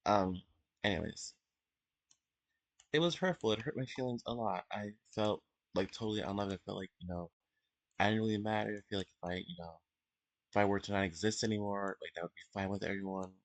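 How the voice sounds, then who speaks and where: A teenage young man giving an unscripted personal confession at home, emotional and halting, with many fillers and restarts. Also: lowish voice, dry recording. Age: teens. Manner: emotional, soft-spoken. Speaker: vlogger.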